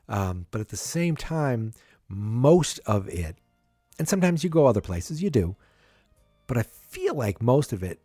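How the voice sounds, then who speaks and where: A man's voice: on the low side, a little mellow, dry recording, studio quality. A man hosting a podcast, casually recapping a TV episode with a rambling manner full of restarts and fillers. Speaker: podcast host.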